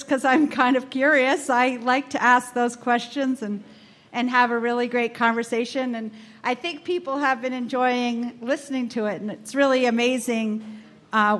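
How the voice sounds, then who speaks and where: Bubbly woman podcast host, high voice, warming up a live audience on a handheld mic. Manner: bubbly, laughs often. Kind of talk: live event speech. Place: event room with live audience. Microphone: handheld microphone.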